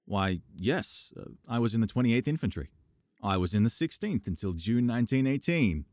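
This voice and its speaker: A man's voice: medium pitch, very animated, normal speed, a little mellow, no room sound, studio quality, voice pushed up, close to an everyday voice. A man doing a courteous young veteran. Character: young man, war veteran narrator in dialogue.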